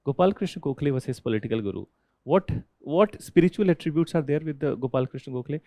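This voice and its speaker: A man's voice: a little high, expressive, fast, dark tone, dry recording. Indian man lecturing a history class. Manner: quizzes students, repeats key phrases, tags with "okay?". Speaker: history teacher.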